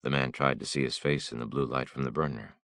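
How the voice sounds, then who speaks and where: A man narrating an audiobook in a measured, somber manner. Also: extremely low pitch, fairly even intonation, a bit bright, dry recording, studio quality.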